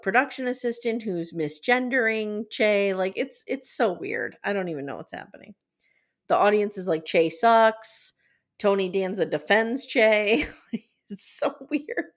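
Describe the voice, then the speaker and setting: A woman's voice: mid-range voice, measured pace. Chatty woman recapping a TV episode. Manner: animated retelling, acts out quotes. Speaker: podcast host. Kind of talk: casual TV recap chat.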